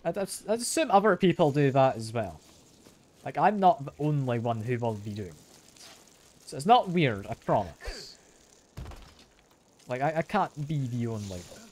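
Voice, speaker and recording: A man's voice: medium pitch, sing-song, moderate pace, pauses often, a little hiss or hum. A young man with a mild Scottish accent, chatting casually to his live-stream viewers while gaming at home on a sensitive desk mic. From Scotland. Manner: chatty, self-deprecating, answers chat aloud with soft laughs.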